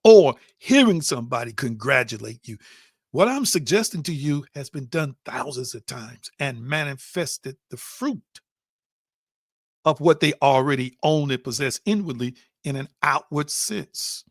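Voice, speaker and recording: A man's voice: medium pitch, animated, unhurried, no echo, studio quality. A man delivering an online spiritual teaching, emphatic, repeating phrases for stress and calling his listeners family.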